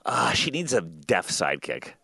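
A man hosting a casual comedy talk show, teasing his co-hosts with quick jokes. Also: on the low side, big pitch swings, vocal fry, pushed and bright, husky. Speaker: podcast host.

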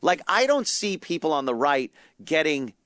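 A man in casual comic chat, animated and profane, acting out quotes in exaggerated voices. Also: a little high, normal speed, dry recording, clean studio sound.

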